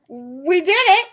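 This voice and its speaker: A woman's voice: very high voice, a bit bright. A woman hosting a casual livestream, reading out chat comments with loose swearing and frequent laughter.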